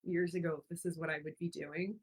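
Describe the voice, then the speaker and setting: A woman's voice: lowish voice, steady tone, fast, breathy edge, rough recording. Woman from ontario chatting on a livestream, gushy and rambly, lots of likes and ums. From Ontario, Canada. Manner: effusive, rambling, with many fillers and restarts. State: getting emotional. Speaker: host of a speaker series. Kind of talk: casual live-stream monologue.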